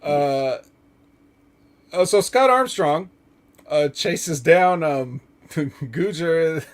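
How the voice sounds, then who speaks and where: A man's voice: a little high, expressive, extremely slow. A man hosting a casual wrestling talk podcast, rambling with lots of fillers and frequent chuckles. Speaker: podcast host.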